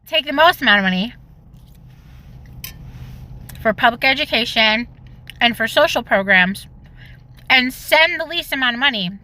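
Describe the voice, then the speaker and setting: Bright-voiced indignant woman ranting. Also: fairly high pitch, lively intonation. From Illinois. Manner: indignant, mocking, rapid bursts. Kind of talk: social media reaction rant.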